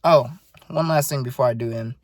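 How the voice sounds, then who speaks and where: A man's voice: medium pitch, fairly quick, no room sound, studio quality. A nineteen-year-old man rambling in a casual video diary, earnest and full of swearing. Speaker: vlogger.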